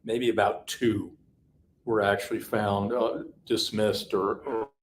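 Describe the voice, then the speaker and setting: A man's voice: on the low side, steady tone, takes it slowly, a little hiss or hum, low-quality recording. Man telling stories in casual chat. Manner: storytelling, repeats words while thinking. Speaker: crime reporter.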